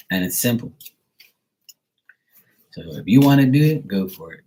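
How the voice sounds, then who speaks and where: A man's voice: mid-range voice, dark tone. A middle-aged man giving a tarot reading on a live stream, talking in a blunt, rambling way with many fillers. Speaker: tarot reader and livestream host. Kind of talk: casual live-stream chat.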